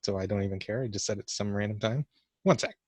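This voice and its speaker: A man's voice: on the low side, fairly even intonation, very fast, darkish tone, dry recording. A young man giving casual let's-play commentary for a class vlog, awkward and joking at his own expense. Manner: awkward, self-mocking joking. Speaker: gamer doing a class vlog.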